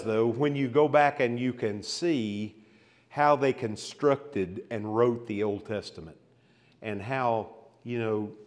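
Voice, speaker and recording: A man's voice: mid-range voice, a little mellow, long reverb tail. A man teaching an expository Bible lesson to a men's class, reading scripture aloud with building emphasis and checking in with questions. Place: church hall.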